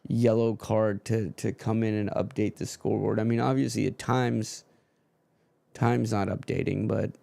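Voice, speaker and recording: A man's voice: lowish voice, level tone, moderate pace, creaky, warm tone. A man streaming live, chatting casually about football with his viewers while he codes. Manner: rambling, talks to chat while coding.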